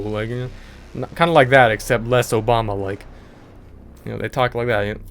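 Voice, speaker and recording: A man's voice: medium pitch, fast. A young man hosting a gaming channel, telling a story casually over gameplay, in a rambling way with lots of filler words.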